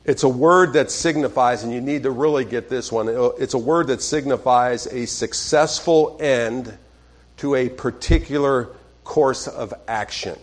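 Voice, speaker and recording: A man preaching a sermon in a conversational way, dropping to quiet tones on scripture and often checking in with "okay?". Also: medium pitch, a little slow. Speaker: pastor.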